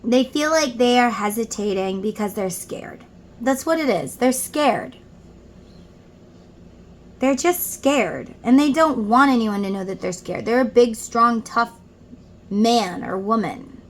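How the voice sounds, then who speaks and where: A woman's voice: on the high side, lively intonation, slow pace, slight background noise. A woman giving a casual tarot reading at home, chatting and reading song lyrics aloud between her explanations. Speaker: tarot reader.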